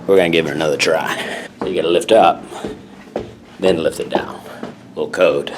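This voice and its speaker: A man's voice: extremely low pitch, steady tone, moderate pace. A man and touring comedian talking offhandedly and rambling in a casual vlog as he walks outdoors through a city. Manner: offhand and rambling, self-mocking. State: out of breath. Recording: street noise behind. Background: traffic and city noise.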